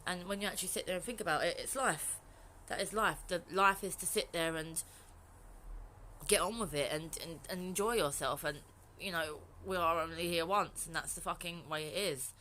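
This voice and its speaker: A woman's voice: lowish voice, moderate pace, sharp tone, slight background noise. A young woman from England talking frankly in a personal vlog, rambling and swearing freely. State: emotional, near tears. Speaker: vlogger.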